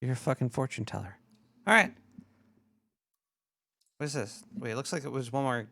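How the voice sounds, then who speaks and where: A man's voice: mid-range voice, expressive, normal speed, vocal fry, bright, forceful tone. A man hosting a casual talk show, rambling loosely and swearing, a bit drunk. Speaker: show host. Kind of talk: casual radio-show chat.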